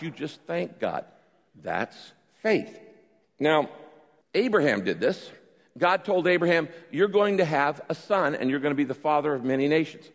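Emphatic lively male preacher in a hall. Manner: emphatic teaching with sudden drops to a low, quiet delivery. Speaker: pastor. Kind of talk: sermon.

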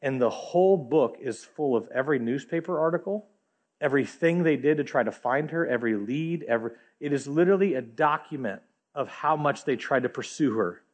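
A man's voice: mid-range voice, lively intonation, brisk. A male pastor preaching a sermon, telling a story vividly and speaking directly to his congregation.

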